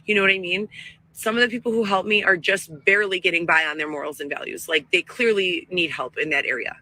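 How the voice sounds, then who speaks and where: A woman's voice: lowish voice, quick pace, bright, forceful tone, no room sound, poor audio. A woman talking in a wandering, emotional and self-righteous way, in a clip played back. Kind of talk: rambling monologue. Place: outdoors, living in a tent.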